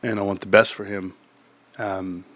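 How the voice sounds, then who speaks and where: Low-voiced man, rambling heartfelt stream talk. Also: flat delivery, moderate pace, a bit bright. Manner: rambling and heartfelt, with frequent restarts. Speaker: stock market YouTuber. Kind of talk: casual livestream talk.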